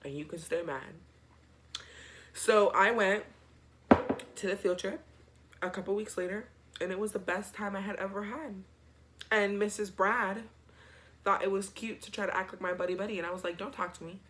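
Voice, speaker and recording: A man's voice: high-pitched, little pitch movement, normal speed, pauses often, pushed and bright, slight background noise. A young man telling a storytime vlog in a chatty, slangy, dramatic way. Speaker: vlogger. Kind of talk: casual storytime.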